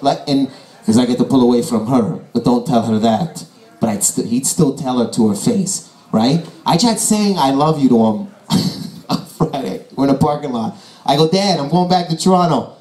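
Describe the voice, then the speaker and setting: A man's voice: a little high, fairly quick, darkish tone. A young man doing a stand-up comedy set, acting out his immigrant father's lines in a put-on voice. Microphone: handheld stage mic, phone-recorded. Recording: echoey club room.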